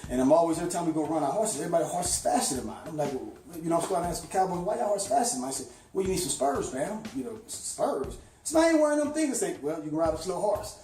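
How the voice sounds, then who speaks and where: Fast-talking man telling a story. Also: a little high, roomy sound. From St. Louis, USA. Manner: animated, rambling, with frequent "you know". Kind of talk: casual storytelling.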